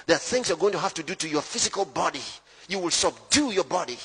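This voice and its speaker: A man preaching a sermon as pastor, emphatic, swinging between loud shouts and low hushed lines. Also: lively intonation, fast, slightly rough, in a large hall.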